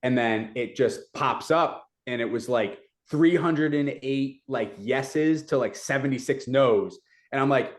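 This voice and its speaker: A young adult man, a community advocate, retelling events in a casual, animated way with many fillers. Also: medium pitch, moderate pace. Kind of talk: casual storytelling.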